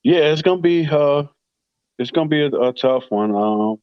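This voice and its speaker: A man co-hosting a sports talk show in casual chat, relaxed and hesitant with many fillers. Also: fairly high pitch, moderate pace, smooth, dry recording, highs cut off.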